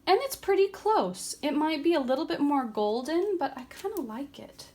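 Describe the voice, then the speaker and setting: A woman vlogger giving a casual, chatty craft tutorial at home, relaxed, with frequent ums and a tired, yawning edge. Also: sits high, normal speed. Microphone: camera on a tripod.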